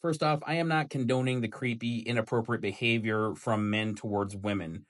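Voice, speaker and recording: A man's voice: lowish voice, steady tone, normal speed. A man making a reaction video, lecturing with heavy sarcasm. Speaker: video creator. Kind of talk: reaction commentary.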